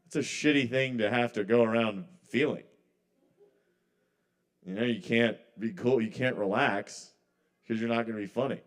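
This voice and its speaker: A man's voice: medium pitch, moderate pace, pauses often. A man performing a rambling, conversational stand-up set at an open mic, often trailing off mid-thought. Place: live kava bar open mic.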